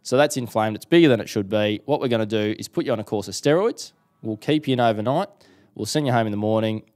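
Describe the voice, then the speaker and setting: Speaking quickly in a voice on the low side, a young Australian guest shares a personal story during a casual interview. He's an animated storyteller who performs the quotes.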